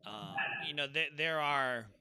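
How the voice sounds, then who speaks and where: A man's voice: fairly high pitch, measured pace, bright, forceful tone, smooth, no echo, low-quality recording. A man hosting a podcast, talking casually and emphatically, joking with his guest and using many fillers. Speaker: podcast host.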